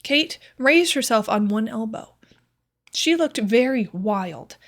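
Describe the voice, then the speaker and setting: A woman narrating a classic short story as an audiobook reader, in a measured, clear storytelling manner. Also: on the high side, expressive. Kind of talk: scripted narration.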